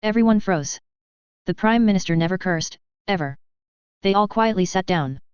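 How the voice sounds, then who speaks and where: A woman's voice: mid-range voice, moderate pace, darkish tone, clear, resonant tone, no echo. Woman reading a story, dry close mic, kinda dull audio. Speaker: narrator. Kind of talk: audiobook narration.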